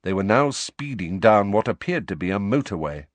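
Male narrator, low voice, lively expressive reading, dry studio sound. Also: normal speed, no echo. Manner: expressive, varied delivery. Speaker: audiobook narrator. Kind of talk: scripted storybook narration.

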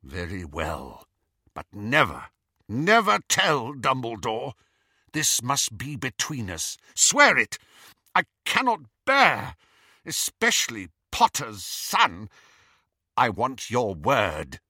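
A man reading an anguished, bitter grown man in an audiobook, pleading in a strained voice that breaks into shouts. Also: mid-range voice, wildly swooping pitch, slow pace, breathy edge, no echo, studio quality, full character voice.

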